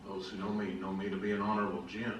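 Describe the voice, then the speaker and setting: A man's voice: fairly low pitch, monotone, very fast, dull audio, natural voice. An actor playing a verbose, formal-talking man who speaks in a stiff, overly precise way. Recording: distant, roomy, noisy TV audio.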